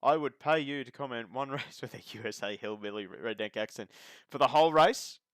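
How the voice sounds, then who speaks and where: A man's voice: medium pitch, fairly quick, a bit bright, no echo, clean studio sound. A man giving casual live sim racing commentary as host of the stream, chatty and joking with the viewers. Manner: chatty, joking, talks to chat.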